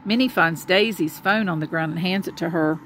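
A woman reading a children's storybook aloud to a child, gentle and expressive. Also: fairly low pitch, fairly quick, a little hiss or hum.

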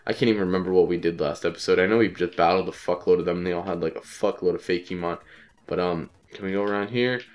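Young male let's-player, low voice, stuffed up from a cold, offhand and cussing. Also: fast talker, a little mellow. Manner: rambling, profane, offhand. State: congested with a cold. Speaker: let's play commentator. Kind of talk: casual gameplay commentary.

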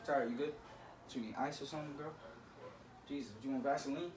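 A man's voice: mid-range voice, fairly even intonation, fast talker, far from the mic, heavy background noise. A man scolding his younger brother in casual talk, lecturing and swinging between stern and joking. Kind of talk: casual prank video talk. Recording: roomy, from off-mic.

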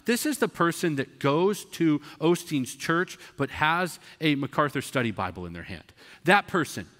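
Emphatic bright-voiced preacher. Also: male voice, on the high side, sing-song, normal speed. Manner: emphatic, conversational, acts out voices. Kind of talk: sermon. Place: church sanctuary. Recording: long reverb of a church hall.

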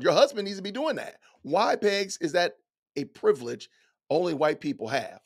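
Incredulous, animated middle-aged man. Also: high-pitched, moderate pace, gravelly. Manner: incredulous, rhetorical questions, folksy. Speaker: commentator. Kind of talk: reading aloud and reacting to an essay.

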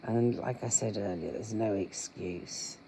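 Middle-aged vlogger, real slow and halting, earnest, dark mellow voice. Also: medium pitch, slight background noise, rough recording. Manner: slow, halting, earnest, with many pauses and fillers. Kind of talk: candid personal vlog talk.

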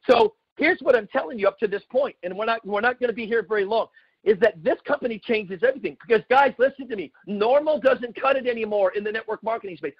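High-voiced emphatic sales pitch man. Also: slightly rough, no room sound. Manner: emphatic, repetitive, folksy asides. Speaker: network marketing presenter. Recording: dull lo-fi sound.

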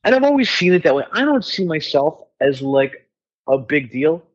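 A man's voice: on the high side, sing-song, moderate pace, lo-fi sound. A middle-aged man, a musician guest on a podcast, telling stories in a candid, rambling way, swearing freely and using many fillers. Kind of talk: casual storytelling chat.

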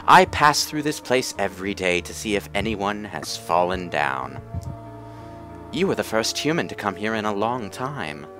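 A man doing a gentle motherly goat woman. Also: fairly low pitch, very animated, unhurried, faint music behind, full character voice. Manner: soft formal motherly delivery.

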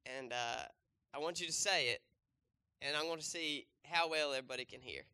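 In a church, a young male pastor preaches informally, involving a volunteer demonstration and questioning the congregation amid many fillers and restarts. His slightly high voice is brisk, bright, forceful, clear and resonant, captured in a dry recording.

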